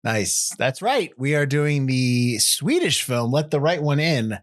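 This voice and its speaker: A man's voice: mid-range voice, animated, measured pace, no echo, clean studio sound. An American man hosting a podcast in casual chat, rambling and correcting himself as he reads out figures. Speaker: podcast host.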